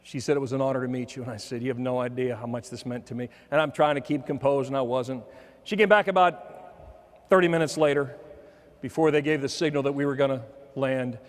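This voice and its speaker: A man's voice: mid-range voice, fairly even intonation, fairly quick. Man telling a story in a reverberant hall. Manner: humorous storyteller, softening for quoted lines. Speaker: motivational speaker. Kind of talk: keynote storytelling.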